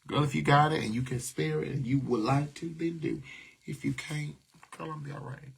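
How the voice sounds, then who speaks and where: A man hosting a casual livestream, talking candidly, venting his frustrations, trailing into soft asides and thanking viewers by name. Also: a little high, steady tone, moderate pace, vocal fry, slightly rough. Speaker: livestream host.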